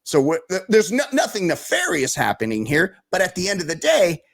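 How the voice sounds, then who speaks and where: A man's voice: sits high, wildly swooping pitch, a little fast, vocal fry. A man co-hosting a podcast, ranting in casual chat with lots of profanity. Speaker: podcast co-host.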